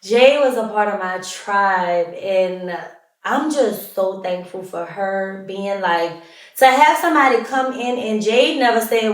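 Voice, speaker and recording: A woman's voice: mid-range voice, unhurried. A woman hosting a podcast, telling candid, emotional stories in a casual, heartfelt way and laughing along. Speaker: podcast host. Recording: roomy echo, mic at a distance.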